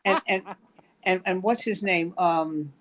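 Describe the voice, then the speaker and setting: Older male comedy host, animated raconteur, fairly high pitch. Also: slow. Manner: animated storyteller acting out quoted dialogue. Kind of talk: casual chat, retelling film scenes.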